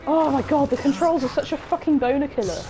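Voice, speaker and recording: Excitable swearing young woman, high voice. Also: fast, over music, low-quality recording. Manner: excitable, swears often, talks to the game creature. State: sore throat. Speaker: game streamer. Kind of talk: let's-play commentary.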